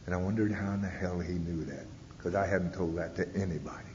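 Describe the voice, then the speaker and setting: Low-voiced man telling his story in a hall. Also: steady tone, brisk, a little mellow. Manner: storytelling, frequent "uh" and "you know", blunt language. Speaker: speaker at a recovery convention. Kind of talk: personal testimony talk. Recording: echoey hall, dull 1990s tape, faint rumble.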